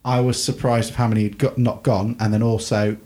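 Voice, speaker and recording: A man's voice: lowish voice, flat delivery, fairly quick, mellow. Chatty, rambling man on a podcast. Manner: rambling, self-mocking, lots of fillers. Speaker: podcast co-host. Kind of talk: casual chat.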